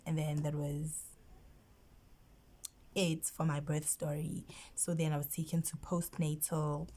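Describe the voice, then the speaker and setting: A woman's voice: deep voice, dark tone, husky. A South African woman vlogger telling a personal story, emotional and often dropping into a whisper. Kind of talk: storytime vlog.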